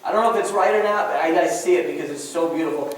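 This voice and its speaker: A woman preacher giving a sermon, telling the story in an animated way with many restarts. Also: low-pitched, quick pace, slight background noise. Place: church sanctuary. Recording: echoey church hall, mic far off.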